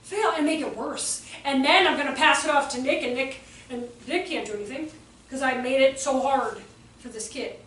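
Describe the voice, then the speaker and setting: High-voiced animated woman leading a workshop. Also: normal speed. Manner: animated, acts out voices and exclamations. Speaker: early childhood trainer. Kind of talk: workshop talk to teachers. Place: room with a live audience. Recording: roomy echo, voice from a distance, faint background noise.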